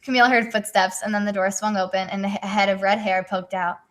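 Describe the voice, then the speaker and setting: A woman's voice: medium pitch, fairly even intonation, fast talker. A teenage girl reading her own story aloud in a casual chat, giggling and adding joking asides. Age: teens. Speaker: author and co-host.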